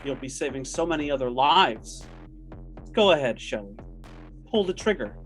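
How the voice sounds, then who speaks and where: A man voicing a woman possessed by a dark entity, speaking coldly and eerily in a tabletop game. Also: medium pitch, expressive, normal speed, soft background music, close to an everyday voice. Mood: eerie calm.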